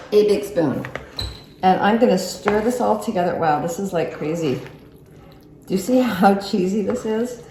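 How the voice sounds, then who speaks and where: A woman's voice: medium pitch, heavy background noise. A woman hosting a casual cooking vlog from her home kitchen, chatting to viewers as she stirs and films on a handheld phone. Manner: chatty, talks to viewers while stirring. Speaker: cooking channel host. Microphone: handheld phone camera. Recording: echoey kitchen, clattering dishes. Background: utensil and dish clatter.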